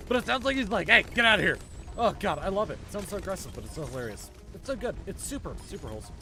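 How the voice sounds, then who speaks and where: Joking, lively-voiced male streamer. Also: high voice, rapid-fire. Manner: joking, sarcastic, talks to chat while playing. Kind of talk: casual gaming stream chat.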